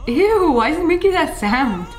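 A woman's voice: sits high, moderate pace, reverberant, soft background music. A young woman doing slangy, joking commentary as she reacts to funny clips. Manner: animated, joking, slangy with frequent laughs. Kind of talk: casual comedic commentary.

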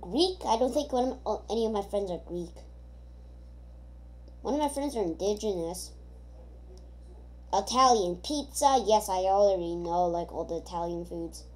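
A woman's voice: mid-range voice, lively intonation, moderate pace, long pauses. A woman giving casual gameplay commentary, rambling and thinking aloud with many hesitations. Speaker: gamer.

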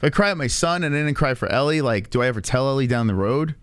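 A man's voice: medium pitch, expressive, fast talker, a bit bright, clean tone, no echo. Rambling man chatting on a livestream. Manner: rambling,喜 frequent fillers and restarts, swears freely. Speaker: streamer host. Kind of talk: casual livestream chat.

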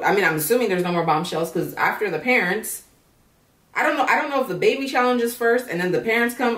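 A woman recapping a reality show in blunt, profane casual commentary, sounding tired and drowsy. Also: on the low side. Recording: roomy echo, voice far from mic.

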